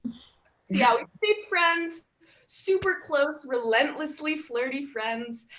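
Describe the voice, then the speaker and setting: A woman's voice: high voice, slow. A young woman doing a stand-up comedy set, bubbly and giggly, laughing through her lines. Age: young adult. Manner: bubbly, giggly, animated delivery.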